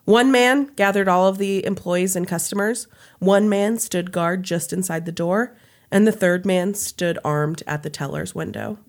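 A woman's voice: lowish voice, a little slow. A woman hosting a podcast, reading a story aloud in a casual chat style and breaking off for laughs and asides. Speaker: podcast host.

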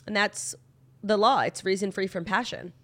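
A woman co-hosting a podcast, chatting about celebrity gossip in an animated, opinionated way and saying "like" a lot. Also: mid-range voice, moderate pace. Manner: opinionated, animated, heavy use of "like". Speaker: podcast co-host. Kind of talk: casual celebrity gossip chat.

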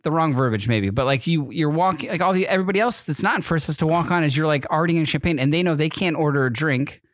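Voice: medium pitch, quick pace, no room sound, clean studio sound. A podcast co-host in casual chat, teasing and leaning hard on "like". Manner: teasing, heavy use of "like".

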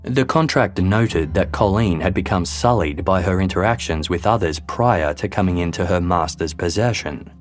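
Deep-voiced man narrating true crime. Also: normal speed, few pauses. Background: faint background music.

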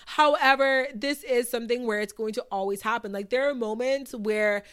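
A woman's voice: a little high, normal speed, fairly bright tone, clean tone. A woman hosting a solo podcast, talking in a chatty, upbeat way full of "like" and "okay". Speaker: podcast host. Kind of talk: casual solo podcast talk.

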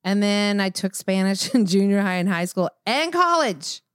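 Animated woman chatting on a podcast. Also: medium pitch, normal speed, smooth, dry recording, studio quality. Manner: laughs easily, chatty. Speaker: podcast co-host. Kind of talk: casual chat.

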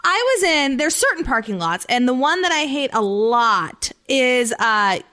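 A podcast co-host in her thirties with a high-pitched voice. She tells stories in a casual, animated way and acts out her own inner thoughts as she goes. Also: measured pace. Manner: animated storytelling, rants with mimicked inner voice. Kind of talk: casual chat.

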